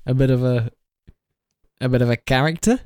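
A man's voice: mid-range voice, normal speed, a little mellow, slight background noise. A man casually recapping a film with friends, laughing often and hesitating with many fillers. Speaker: podcast co-host recapping a film. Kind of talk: casual chat.

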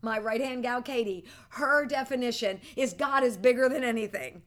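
Woman church teacher, slightly high voice, animated storyteller. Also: moderate pace. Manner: animated, storytelling, breaks into laughter. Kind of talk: teaching a ministry class.

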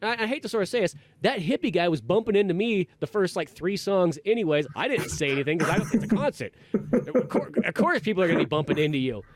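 A man hosting a podcast, telling a rambling, animated story in casual chat and acting out quotes in a raised voice. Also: sits high, fast talker. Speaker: podcast host.

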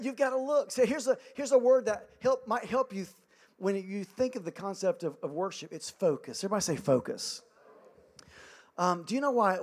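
High-voiced, humorous preacher. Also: male voice. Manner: energetic, humorous, self-deprecating. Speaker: pastor. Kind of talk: sermon.

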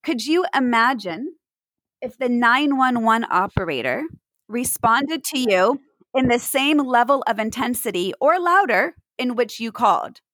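A woman's voice: fairly high pitch, expressive, a little slow, a bit bright, no echo, poor audio. A woman giving mindfulness advice to parents in an interview, earnest and acting out examples as she explains.

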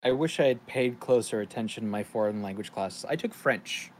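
A man's voice: lowish voice, expressive, fairly quick, slight background noise. A married man in a casual chat, joking and poking fun at himself. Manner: joking, self-deprecating.

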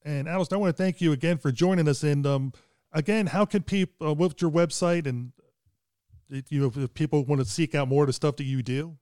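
A man's voice: a little high, a little fast, a little mellow, no room sound, studio quality. Hesitant middle-aged male podcast host. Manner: hesitant, with many restarts and fillers. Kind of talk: casual movie podcast chat.

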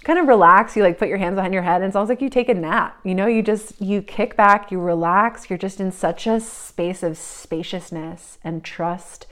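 A woman giving a psychic reading, talking in a searching, meandering way with many fillers, often drifting soft and reflective. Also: mid-range voice, normal speed, few pauses. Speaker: psychic reader.

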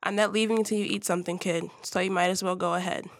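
A woman reading as a gruff, kindly police officer. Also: on the low side, fairly even intonation, fast talker, no echo, studio quality, lightly acted. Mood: gentle gruff. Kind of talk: reading dialogue from her own short story.

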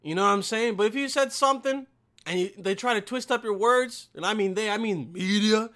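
A young man ranting profanely to camera as a vlogger, with loud bursts and mocking quoted voices. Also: sits high, brisk. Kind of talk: profane comedic rant.

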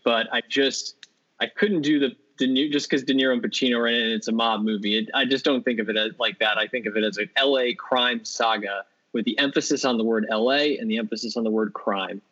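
A man's voice: medium pitch, steady tone, fast, sharp tone. A man co-hosting a podcast, talking about movies with enthusiasm and rambling through fillers and restarts. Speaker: podcast co-host. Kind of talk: casual movie discussion. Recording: dull lo-fi sound.

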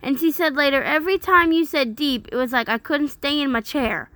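A woman reading a critique aloud and breaking off into indignant, incredulous commentary, with some halting restarts. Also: sits high, pushed and bright, no echo. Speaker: religious commentator.

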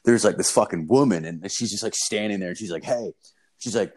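A man's voice: fairly low pitch, brisk, darkish tone. A man in casual chat, telling a rambling, profane story with lots of fillers and swearing.

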